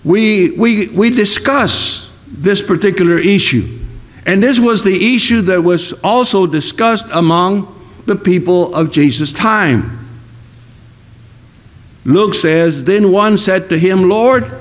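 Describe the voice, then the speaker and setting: A man preaching a sermon, slow and emphatic, repeating key words for weight. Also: high-pitched. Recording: long reverb of a hall.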